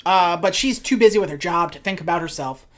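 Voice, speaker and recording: A woman's voice: fairly low pitch, fairly quick, fairly bright tone. Sarcastic woman recapping a movie. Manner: sarcastic, dry asides; recounts scenes by acting out quoted lines. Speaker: podcast co-host recapping a movie. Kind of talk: casual chat.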